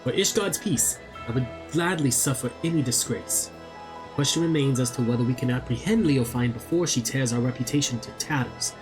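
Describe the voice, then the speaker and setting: A man voicing a dutiful male temple knight, reading game dialogue aloud in an earnest, formal, measured way. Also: mid-range voice, over music, lightly acted. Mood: solemn.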